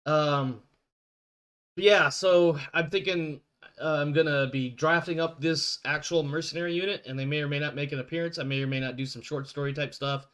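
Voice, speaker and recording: A man serving as game master for an online tabletop game, his voice sitting a little higher than most men's. He talks in a loose, rambling way, stopping to correct himself as he goes. He is heard over a voice call. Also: fairly even intonation, normal speed, fairly bright tone, clear, resonant tone.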